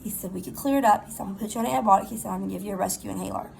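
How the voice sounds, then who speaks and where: A middle-aged woman, chatting casually in a rambling, animated storytime while recovering from pneumonia. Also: medium pitch, very fast, creaky, slight background noise, rough recording. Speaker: vlogger.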